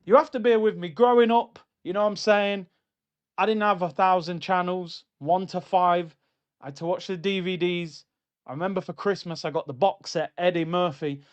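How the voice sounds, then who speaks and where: A man's voice: high-pitched, steady tone, moderate pace, clean tone. A man hosting a live football watchalong, joking around and reading out chat comments. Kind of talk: casual live-stream chat.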